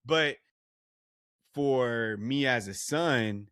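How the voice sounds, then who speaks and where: A man, a guest on a podcast, telling a personal story in a casual, animated way, full of "like" and restarts. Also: mid-range voice, very slow, clear, resonant tone, dry recording, studio quality. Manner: animated retelling with many "like" and restarts. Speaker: guest, actor and artist.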